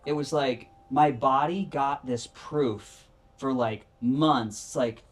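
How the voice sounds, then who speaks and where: Middle-aged guy on a podcast, rambly, keeps restarting sentences, gets animated, normal pitch. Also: measured pace. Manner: rambling, self-correcting, animated. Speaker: podcast guest. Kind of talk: candid conversational storytelling.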